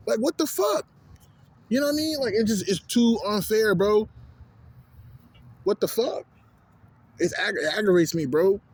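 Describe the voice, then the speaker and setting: A young man delivering an animated, profanity-heavy rant as a vlogger, often asking "you know what I'm saying". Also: sits high, slightly rough. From Houston, Texas. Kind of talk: profane ranting monologue.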